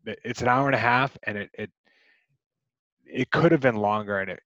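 A man's voice: on the low side, normal speed, fairly bright tone, dry recording, lo-fi sound. A man co-hosting a podcast, chatting casually about a movie, rambling with many restarts and fillers. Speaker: podcast co-host.

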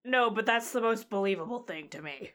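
A woman runs a tabletop game as game master. She talks in halting bursts with frequent restarts. Her delivery stays fairly flat. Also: on the high side.

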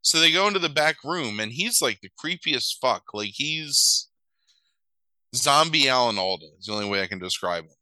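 A man casually chatting as a podcast co-host, retelling a story and acting out characters in quick voices. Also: medium pitch, animated, pushed and bright, no room sound, low-quality recording. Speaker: podcast co-host recapping a movie. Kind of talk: casual chat.

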